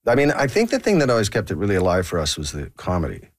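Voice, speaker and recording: A middle-aged man from Canada, an actor being interviewed, telling stories in a relaxed chat and laughing often. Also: low-pitched, quick pace. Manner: laughing storyteller, acts out quoted voices. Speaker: actor guest.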